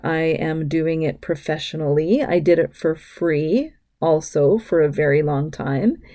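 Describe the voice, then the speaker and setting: A middle-aged woman hosting her own podcast, reading listener locations aloud and chatting casually with bursts of excitement. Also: deep voice. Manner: warm, gushing shout-outs to listeners, bursts of excitement. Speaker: podcast host. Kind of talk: casual solo podcast talk.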